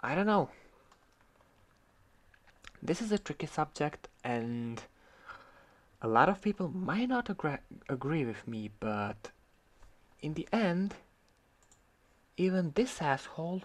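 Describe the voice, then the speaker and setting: A man's voice: on the high side, big pitch swings, takes it slowly, long pauses. Heated man ranting. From Croatia. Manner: heated, sarcastic, swears freely. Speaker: vlogger. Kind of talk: ranting commentary on an online argument.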